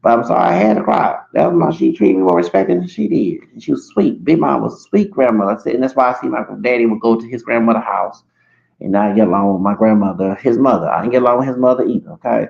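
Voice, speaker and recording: A man's voice: medium pitch, fast talker, vocal fry, a little mellow. A man in his forties talking in a long, rambling livestream monologue, often restarting and correcting himself. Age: 40s. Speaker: streamer. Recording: echoey room, dull lo-fi sound.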